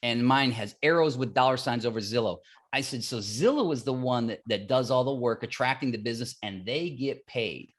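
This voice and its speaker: A man as a guest on a podcast interview, explaining his business with animated stories and acted-out dialogue, often repeating phrases for emphasis. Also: medium pitch, brisk. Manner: animated storytelling, acts out dialogue. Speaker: mortgage platform guest.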